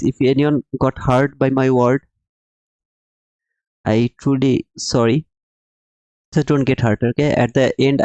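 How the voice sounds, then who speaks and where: In a dry, rough recording, a mid-range, darkish male voice hosts a live trading stream. He lays out the market with emphasis, repeats himself to make points, and addresses viewers as brother while responding to chat.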